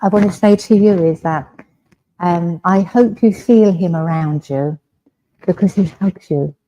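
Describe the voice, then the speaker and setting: Gentle, mellow-voiced English woman medium. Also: fairly low pitch, measured pace, rough recording. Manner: gentle, reassuring, often asks "all right?". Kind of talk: mediumship demonstration. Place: village hall.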